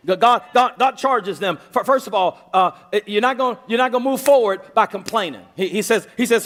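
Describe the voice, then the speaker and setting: A man preaching a sermon as pastor, repeating words in quick restarts and voicing God and his listeners in quotes. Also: high-pitched, animated, a bit bright. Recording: long hall reverb.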